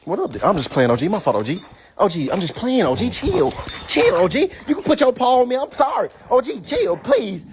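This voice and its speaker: A person voicing a streetwise pet in a comic dub, talking in slang and quickly backing down into pleading. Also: medium pitch, big pitch swings, slight background noise. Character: streetwise pet annoyed by a paw.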